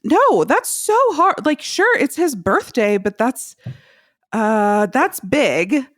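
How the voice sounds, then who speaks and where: A woman co-hosting a podcast, chatting casually about a film in an expressive way and swearing freely. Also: fairly high pitch, slow pace. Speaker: podcast co-host.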